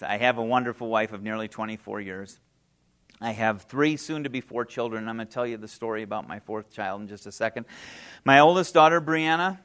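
Fifties male guest speaker, mid-pitched, heartfelt plainspoken testimony. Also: a bit bright. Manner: earnest, heartfelt storytelling, emotional; plain conversational phrasing with fillers. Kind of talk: personal testimony speech.

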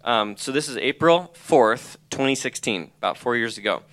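A man's voice: mid-range voice, expressive, moderate pace, fairly bright tone. A middle-aged man giving an earnest personal testimony, reading aloud from his own journal. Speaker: college president or ministry leader.

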